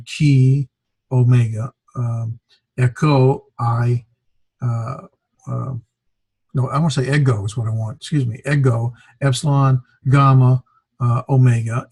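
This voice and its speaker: A man lecturing a beginner Greek class, his voice a little husky and recorded close and dry. He talks in a loose, halting way, full of fillers and restarts, and corrects himself as he goes. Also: mid-range voice, a little mellow, dry recording. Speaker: Greek teacher.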